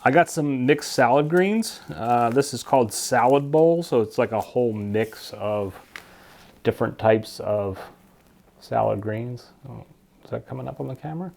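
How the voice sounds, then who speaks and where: A man's voice: medium pitch, moderate pace, gravelly, darkish tone. A man casually talking to camera about his seeds, rambling and stumbling over plant names he can't pronounce. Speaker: gardening vlogger. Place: basement at home.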